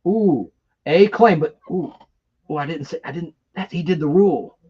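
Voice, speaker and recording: A man with a fairly high voice hosts a casual livestream, rambling and excitable as he chats with viewers. The audio is dull and lo-fi, like a basic home stream. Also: moderate pace, husky. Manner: rambling, excitable, reads viewer comments aloud. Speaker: livestream host. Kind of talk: casual live chat and trivia hosting.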